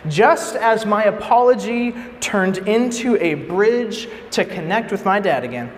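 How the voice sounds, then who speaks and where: A young man preaching to a youth group, telling a story and acting out the quotes in a lively way. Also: sits high, unhurried, slight background noise. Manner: animated storyteller, acts out quotes. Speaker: youth speaker. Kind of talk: storytelling sermon. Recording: reverberant hall with faint ambience.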